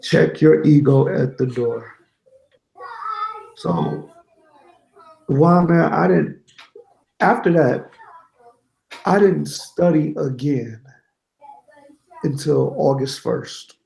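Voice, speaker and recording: A man being interviewed, telling a candid, animated story about his own setbacks and quoting others as he goes. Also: on the high side, very slow, creaky, long pauses, reverberant, low-quality recording. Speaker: guest, certified network engineer.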